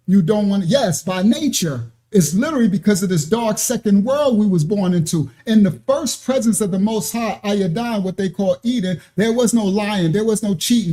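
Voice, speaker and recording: A man preaching a conversational sermon, often asking "right?" and acting out quoted voices. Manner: animated, acts out quoted voices with rising pitch; conversational, repeatedly asks "right?". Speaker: pastor.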